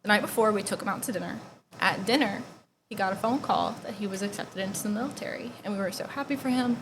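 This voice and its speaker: A woman's voice: medium pitch, quick pace, background noise. A young woman giving a personal testimony, casual and full of "like", sometimes dropping to near-whispers. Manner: conversational, heavy use of "like", drops to near-whispers at painful moments.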